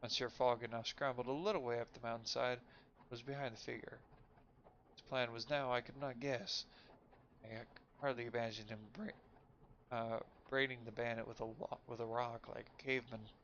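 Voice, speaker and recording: A man reading a story game aloud for a stream, reading quickly and often stumbling and correcting himself. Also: mid-range voice, level tone, a bit bright. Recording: lo-fi with faint noise.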